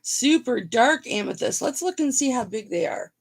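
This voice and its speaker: Gravelly, raspy-voiced woman hosting a live sale. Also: a little high, animated, low-quality recording. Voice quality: raspy throat. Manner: raunchy, chatty, reads names off slowly. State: hoarse. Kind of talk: casual live selling stream.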